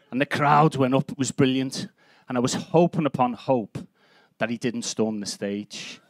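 A man in his fifties with a broad Scouse accent delivers stand-up on a comedy club stage. His speaking pitch sits in the ordinary middle range. His manner is brash and sweary, with punchy storytelling, and his voice sounds dry and close with little room echo. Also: moderate pace. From Liverpool, England. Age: 50s. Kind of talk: live stand-up set.

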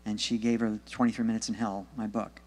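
A man's voice: fairly low pitch, flat delivery, brisk, darkish tone, long reverb tail. A man, a Christian author and speaker, telling testimony stories and urging listeners on in an earnest, exhorting sermon style.

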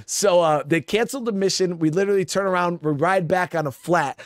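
A man with a slightly high voice tells a war story in a loose, rambling style, cursing freely and calling out to his listeners as guys. The sound is dry and close. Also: brisk, few pauses, dry recording. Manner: profane, rambling, keeps addressing listeners as guys. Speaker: Marine veteran storyteller. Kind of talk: casual spoken storytelling.

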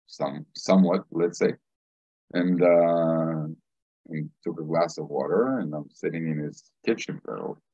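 Man storyteller, lowish husky voice, lively swoops, unhurried delivery. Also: poor audio. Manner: animated storyteller acting out quotes. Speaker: cannabis instructor. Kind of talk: casual anecdote storytelling.

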